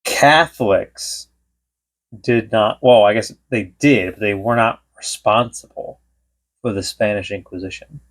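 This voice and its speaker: Speaking at a measured pace in a fairly low voice, this man co-hosts a podcast. He's a rambling storyteller who drops in snippets of what other people said during the casual conversation.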